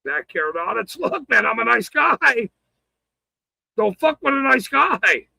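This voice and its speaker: Male streamer, angry profane rant, sharp bright voice, lively pitch swings. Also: a little slow, creaky, no room sound, poor audio. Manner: profane, taunting, swings between shouting and muttering. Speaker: livestream host. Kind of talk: angry ranting livestream.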